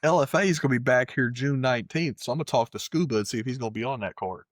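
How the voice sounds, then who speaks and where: A man's voice: medium pitch, rapid-fire, dry recording. Profane ranting man, dry sound. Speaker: podcast co-host. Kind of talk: casual chat.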